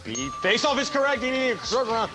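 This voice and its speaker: A man hosting a TV game show in a studio with a live audience, joking quickly with contestants. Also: very high voice, loud music behind the voice. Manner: quick, playful banter with contestants.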